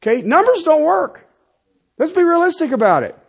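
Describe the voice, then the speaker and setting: A middle-aged man preaching a sermon as a pastor, emphatic, swinging between loud declarations and quiet asides. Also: extremely high pitch, very animated, moderate pace, vocal fry.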